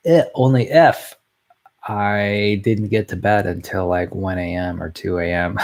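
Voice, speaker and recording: Man, middle-aged, gravelly low voice, unhurried, rambling video message. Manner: rambling and chatty, chuckling often. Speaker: family member sending a video message. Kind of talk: casual personal video message.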